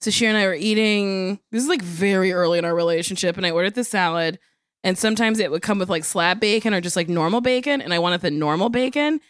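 Casual podcast guest: woman in her thirties, smooth clear voice, mid pitch, lively story delivery, dry close mic. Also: fast, dry recording. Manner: animated, acts out quotes in a higher voice. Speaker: comedian guest.

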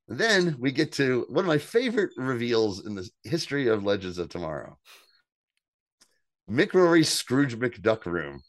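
A man co-hosting a casual podcast, recapping a TV episode with animated storytelling, acting out quotes and swearing. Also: mid-range voice, a little slow, no echo, clean studio sound. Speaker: podcast co-host.

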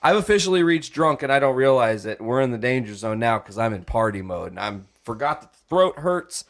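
A man's voice: medium pitch, lively intonation, fairly quick. A young man co-hosting a podcast, telling a long profane story and acting out the voices in it. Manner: profane, acts out quoted voices. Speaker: podcast co-host. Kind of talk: animated storytelling.

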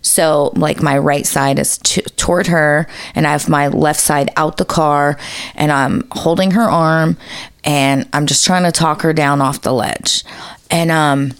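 A woman's voice: low-pitched, steady tone, measured pace, smooth, no room sound, clean studio sound. A woman co-hosting a podcast, telling a story in a casual, profane way with lots of fillers. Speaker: podcast co-host.

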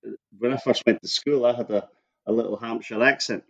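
A middle-aged Scottish man who grew up in Scotland, a guest in a casual interview, telling stories in a relaxed way and laughing easily. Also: medium pitch, fairly quick, creaky, highs cut off.

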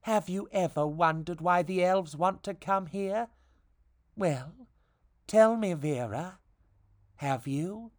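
Reader putting on a smug fairy lady giving speeches, slow and deliberate, dry sound. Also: medium pitch, no echo, close to an everyday voice. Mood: lecturing. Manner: lecturing, speechifying. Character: preachy, self-assured female fairy.

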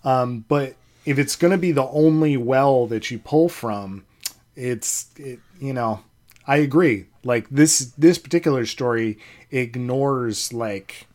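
Measured male podcast co-host. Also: mid-range voice, a little mellow. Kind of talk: casual chat.

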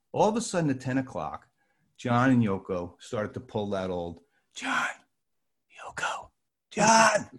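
An older man from New Jersey telling a lively anecdote, acting out the voices of the people in it. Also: fairly low pitch, breathy edge. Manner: lively, acts out voices in his story. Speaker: storyteller guest.

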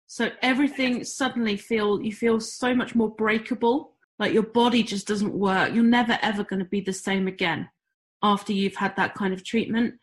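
A middle-aged woman from the UK, talking candidly as an interview guest, with self-deprecating humor. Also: fairly high pitch. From United Kingdom. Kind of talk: conversational interview.

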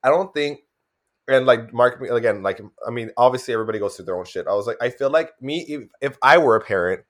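A man's voice: medium pitch, fast, a bit bright. A man talking as a podcast guest, telling stories in a rambling way with restarts and giggles. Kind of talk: casual chat.

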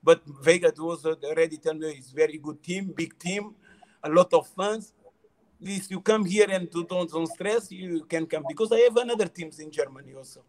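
A man with a high speaking voice tells his football stories in halting, non-native English. He repeats words, laughs often and keeps the casual tone of a relaxed interview. He sounds middle-aged. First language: not English. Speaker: former footballer, interview guest.

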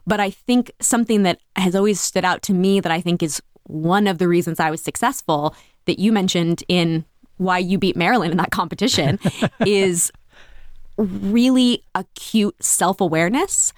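A woman guest telling stories in a conversational way. She is animated and often restarts her sentences. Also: moderate pace, no echo, studio quality. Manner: animated, lifts her pitch for quoted voices; self-correcting, with frequent restarts. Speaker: podcast guest, business coach. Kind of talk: conversational storytelling.

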